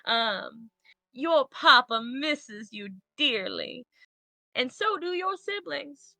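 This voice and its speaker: A woman's voice: high-pitched, expressive, takes it slowly, vocal fry, sharp tone, no echo, exaggerated voice. A woman voicing a loving homesteading mother who misses her child, in an attempted Southern accent and a tender, doting manner.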